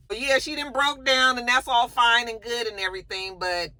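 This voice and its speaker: A sassy woman recaps a TV episode in casual, chatty talk. Her voice is bright and forceful. The sound is dry and close. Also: a little high, fairly even intonation, normal speed, no echo. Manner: sassy, chatty, talks back to the characters. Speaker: TV recap vlogger.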